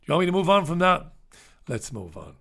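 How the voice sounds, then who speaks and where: A man's voice: a little high, big pitch swings, brisk, gravelly, bright, forceful tone. A man hosting a live newspaper review, talking casually with a sardonic, mock-dramatic edge. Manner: sardonic, mock-dramatic when reading headlines. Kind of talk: casual live-stream commentary. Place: dark room.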